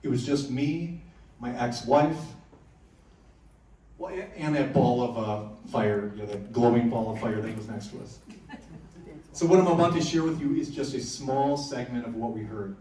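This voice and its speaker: This mellow, medium-pitched male voice moves at a moderate pace as he entertains a full conference audience with spooky tales. He jokes around casually and restarts frequently, and the recording picks him up from far off in a room full of echo.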